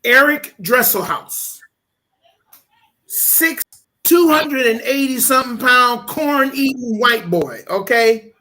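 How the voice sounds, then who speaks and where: A man, a pastor interviewed as a guest, telling a personal story in a lively conversational way and often checking in with "okay?". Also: extremely high pitch, slow pace. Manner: animated storyteller, repeats "okay?" for emphasis; switches into lively voices when quoting people.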